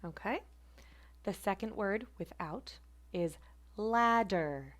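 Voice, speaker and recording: A woman teaching a phonetics class, repeating example words slowly and carefully. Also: mid-range voice, lively intonation. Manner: careful, deliberate word repetition. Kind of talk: slow online pronunciation lesson.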